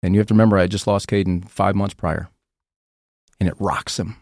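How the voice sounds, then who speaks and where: A man, a podcast guest, candidly telling a painful personal story in a halting, emotional way, often repeating his words. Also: low voice, fairly even intonation, a little mellow, no room sound, studio quality.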